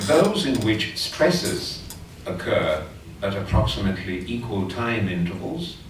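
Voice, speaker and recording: A man's voice: fairly low pitch, recorded from a distance, a little hiss or hum. Man, Chilean accent, middle-aged, conference lecture, chatty explanations, very echoey hall. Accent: Chilean Spanish. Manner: explanatory, chatty with asides, taps out beats aloud. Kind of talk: academic conference talk.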